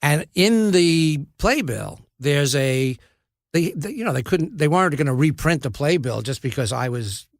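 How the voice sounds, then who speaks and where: A man in his seventies, an actor and podcast guest, telling wry, self-deprecating stories in a relaxed way, often restarting his sentences. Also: fairly high pitch, moderate pace, no room sound, studio quality. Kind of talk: casual anecdotal storytelling.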